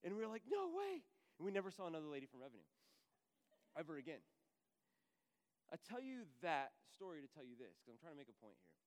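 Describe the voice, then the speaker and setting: A man's voice: on the high side, fast, long pauses, in a large hall. A man in his thirties preaching a sermon, telling a personal story and acting out the voices of the people in it. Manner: animated storyteller, acts out voices in quotes. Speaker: pastor.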